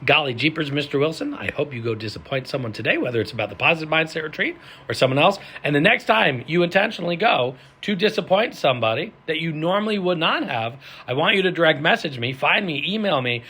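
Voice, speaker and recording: A man giving a motivational coaching talk as a mindset and self-leadership coach, with an animated delivery full of sudden loud stresses. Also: fairly high pitch, fast talker, hardly any pauses, slightly rough.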